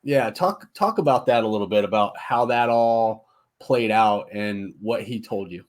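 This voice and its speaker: A man's voice: on the low side, unhurried. A man hosting a podcast, prompting his guest with short questions in casual chat. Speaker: podcast host.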